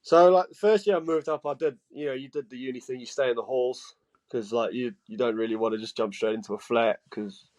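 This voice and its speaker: Lively Geordie man telling stories. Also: medium pitch, a little fast. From England. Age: 20s. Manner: animated, laughing, acts out quoted voices. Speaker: guest. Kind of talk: casual storytelling chat.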